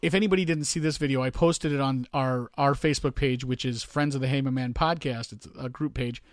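A man hosting a podcast, chatting casually and telling stories in a laid-back, animated way. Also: mid-range voice, fairly quick, no room sound, studio quality. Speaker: podcast host. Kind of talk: casual chat.

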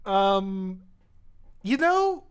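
A man's voice: high voice, big pitch swings, extremely slow, smooth. A young man co-hosting a casual film podcast, rambling and often restarting his sentences. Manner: rambling, self-interrupting. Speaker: podcast co-host.

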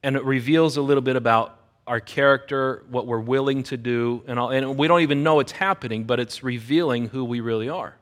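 A middle-aged man preaching a sermon as a pastor. He tells a personal story with lively energy and acts out the voices of the people in it. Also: medium pitch, brisk.

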